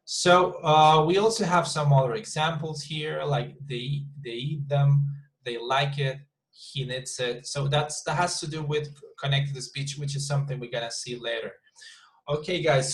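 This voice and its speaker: Over poor audio, a slightly high-voiced man leads an online English lesson. He repeats words patiently and models example sentences slowly.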